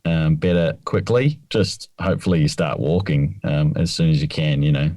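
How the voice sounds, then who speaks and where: A man co-hosting a casual golf podcast, talking in a measured, slightly hesitant way. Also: very deep voice, mellow, dry recording, clean studio sound. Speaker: podcast co-host.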